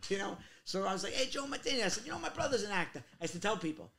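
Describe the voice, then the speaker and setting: A man tells stories in a loose interview, fast and animated. His voice is gravelly and bright, a little high for a man, and he slips into other people's voices as he goes. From Queens, New York. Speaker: guest actor. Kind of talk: casual storytelling interview.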